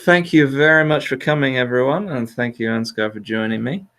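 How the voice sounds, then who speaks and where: A man's voice: medium pitch, fairly quick, a bit bright. A man hosting a casual chat, rambling with hesitant fillers and laughing often. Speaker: podcast host.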